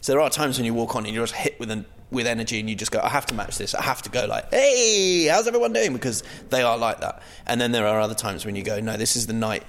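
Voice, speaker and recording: A comedian with a fairly low voice talks shop in a relaxed way. He slips into quoted voices to act out his stories. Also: fast talker, few pauses, long reverb tail. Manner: animated, acts out quoted voices. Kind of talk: casual chat.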